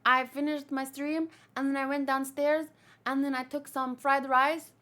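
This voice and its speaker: A woman's voice: sits high, level tone, normal speed, pushed and bright. A woman streamer reading a manga aloud, with rambling, chatty commentary and casual swearing.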